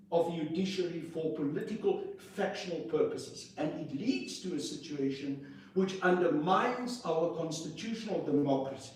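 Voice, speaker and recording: A man, speaking as an interview guest in a forceful, indignant way, piling up rhetorical questions. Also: a little high. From South Africa. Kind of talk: impassioned political interview. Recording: echoey room, distant mic, faint noise.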